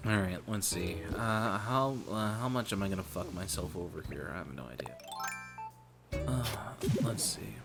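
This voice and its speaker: Rambling, profane man with a lowish voice. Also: lively intonation, normal speed, creaky, loud music behind the voice. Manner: rambling, profane, keeps calling the listener brother. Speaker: streamer. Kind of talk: casual stream chat.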